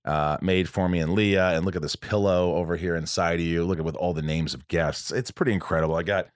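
American male podcast host, very low voice, loose rambling delivery full of fillers, dry room. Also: steady tone, fast, dry recording. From United States. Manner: rambling, with many fillers and restarts. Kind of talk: casual podcast chat. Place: room at his home.

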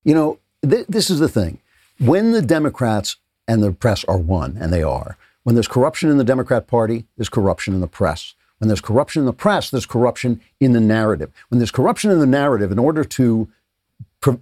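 A man delivers an opinionated commentary monologue, emphatic and sarcastic, full of rhetorical questions. His voice is mellow and relaxed. The recording is dry and close. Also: mid-range voice, a little fast, no echo. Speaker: political commentary host.

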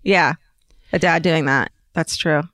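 A woman co-hosting a podcast, reading a listener's letter aloud with animated storytelling. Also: deep voice, a little slow, no room sound. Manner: animated storytelling, lively delivery. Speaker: podcast co-host.

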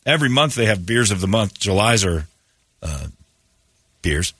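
A man's voice: fairly low pitch, animated, moderate pace, long pauses, pushed and bright, slightly rough, no room sound, clean studio sound. A man hosting a morning radio show, rambling through a story and acting out other people's lines. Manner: rambling storyteller, acts out voices. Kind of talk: casual morning show banter.

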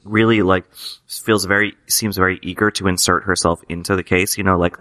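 A man with a very deep voice and a bright, forward tone talks fast as a podcast co-host. He works through his thoughts in loose, searching phrases. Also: level tone. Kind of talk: casual TV recap discussion.

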